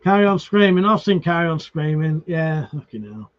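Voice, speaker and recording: A very animated man with a slightly high voice talks at a normal speed to his live-stream audience. Reading comments and greeting viewers by name, he swears freely and restarts words, and the stream audio sounds dull and lo-fi.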